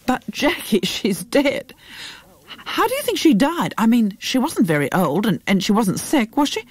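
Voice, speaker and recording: A woman voicing an excitable female friend, speaking high and breathless. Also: moderate pace, breathy edge, no echo. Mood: chatty.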